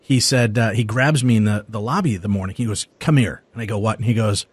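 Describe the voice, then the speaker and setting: A man hosting a radio talk show, telling a story in a lively casual way and acting out the people he quotes. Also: fairly low pitch, fast, slightly rough, dry recording. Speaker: radio host. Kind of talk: casual radio interview chat.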